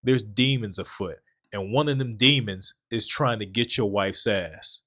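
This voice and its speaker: A man's voice: fairly low pitch, a little slow, a bit bright. A man putting on a blunt, eccentric older occult expert, speaking in a folksy, nonchalant way during a casual chat. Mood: offhand.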